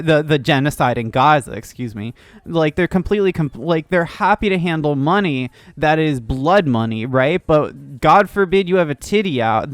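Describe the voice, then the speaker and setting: A woman's voice: low voice, no room sound. A woman hosting casual news commentary, rambling and swearing, with many filler "likes". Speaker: streamer news host.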